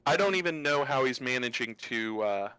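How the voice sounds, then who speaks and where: A man's voice: mid-range voice, expressive, fairly quick, bright, forceful tone, smooth, low-quality recording. A man voicing a knowledgeable sorceress woman in a tabletop game, speaking matter-of-factly through his own narration.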